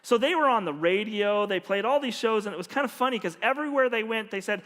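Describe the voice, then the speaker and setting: A man's voice: high-pitched, animated, fast, fairly bright tone. A male pastor preaching a sermon, telling stories animatedly and acting out the dialogue. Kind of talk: sermon with storytelling. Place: church sanctuary. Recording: long hall reverb with faint music.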